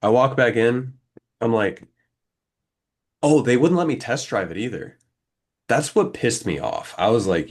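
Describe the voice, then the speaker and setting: A man's voice: mid-range voice, measured pace, long pauses. A young man in his twenties on a casual podcast, telling a long story and acting out the back-and-forth in it. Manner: animated, acts out quoted exchanges. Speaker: podcast co-host.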